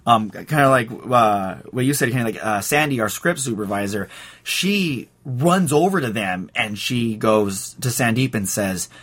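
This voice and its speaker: A man's voice: mid-range voice, a little slow, fairly bright tone. A man, a director, telling rambling anecdotes on a podcast and laughing as he goes. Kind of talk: casual podcast storytelling.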